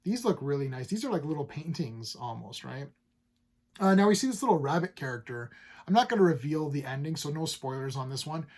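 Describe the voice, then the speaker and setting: A man's voice: fairly high pitch, animated, fairly quick, darkish tone. A man casually talking through comic books he has read, upbeat and rambling, full of fillers and restarts. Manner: enthusiastic, paraphrases characters loosely. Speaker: comic book reviewer. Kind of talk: casual comic review chat.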